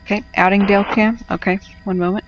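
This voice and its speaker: A woman hosting a casual wildfire-tracking livestream, chatty and halting, out of breath and feverish. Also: mid-range voice, level tone, dull audio, background noise. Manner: chatty, halting, addresses viewers as friends.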